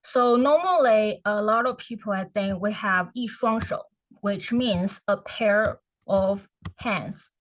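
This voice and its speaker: A woman's voice: medium pitch, takes it slowly, poor audio. A woman teaching a beginner class, explaining patiently and repeating each word for practice. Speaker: Chinese language teacher. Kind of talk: beginner language lesson.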